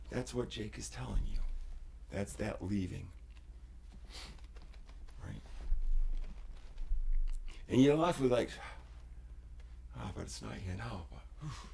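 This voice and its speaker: A man hosting a livestream, talking intensely, often sinking into whispers and bursting into shouts, rambling and swearing. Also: on the low side, moderate pace, gravelly, long pauses. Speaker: livestream host. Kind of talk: emotional livestream monologue. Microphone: desk USB microphone.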